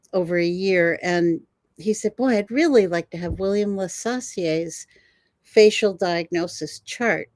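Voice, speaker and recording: An older woman, a guest herbalist, telling animated stories in an interview and laughing often. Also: lowish voice, no echo. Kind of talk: storytelling in an interview.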